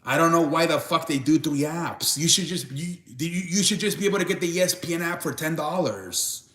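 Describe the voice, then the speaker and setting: A young man talks through a casual live stream, rambling and tripping over his restarts as he answers chat. His voice sits a bit high for a man, and the room around him rings with echo. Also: fairly quick, fairly bright tone. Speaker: live show host. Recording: echoey room.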